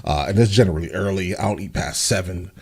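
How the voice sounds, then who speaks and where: A man's voice: sits low, a little mellow, slightly rough. A man hosting a reaction channel, commenting casually to his viewers and often calling them "guys". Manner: talks straight to viewers, repeats "guys", quick asides.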